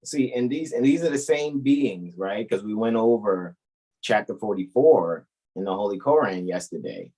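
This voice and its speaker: A man's voice: fairly low pitch, animated, moderate pace, dark tone, rough recording. A man co-hosting a casual podcast chat, blunt and profane with a preachy edge. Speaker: co-host.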